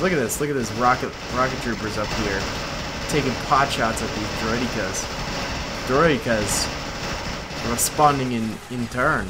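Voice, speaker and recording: A man giving casual gameplay commentary, chatty and excitable, laughing often. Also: medium pitch, a little slow, background noise. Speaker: gaming YouTuber.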